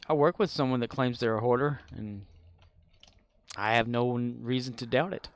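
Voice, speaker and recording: A man's voice: medium pitch, clear, resonant tone. A man streaming a game, chatting casually with viewers in a rambling way and chuckling often. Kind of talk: casual live-stream chat.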